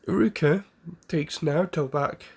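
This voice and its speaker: A man casually narrating an improvised fan story in a rambling, halting way with many restarts. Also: a little high, husky.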